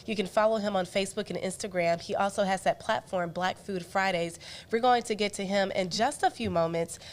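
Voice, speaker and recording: A woman from the American South hosts a live question-and-answer stream in a relaxed, chatty way. She is lively and animated. She often slips into other voices to quote people, at an ordinary middle pitch. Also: fairly quick. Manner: animated, mimics voices when quoting. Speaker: news anchor hosting a live Q&A. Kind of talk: casual live-stream chat.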